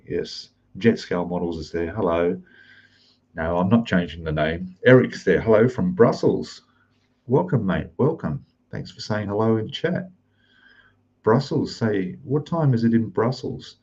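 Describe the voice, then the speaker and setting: A man's voice: fairly low pitch, lively intonation, measured pace, breathy edge, lo-fi sound. An Australian man hosting a live stream, greeting chat viewers one by one and keeping his voice down in a rented room. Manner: speaking softly, keeping voice down.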